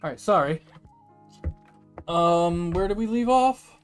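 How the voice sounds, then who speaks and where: Young male streamer, lively reactions, light music bed. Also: high voice, slow, clean tone. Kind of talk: casual livestream chat.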